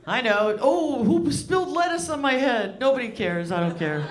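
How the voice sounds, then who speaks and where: A woman comedian performs stand-up on a club stage, her voice on the high side with lively intonation, normal speed and few pauses. Her loose, rambling, crude set pokes fun at herself, and the live recording catches audience laughter.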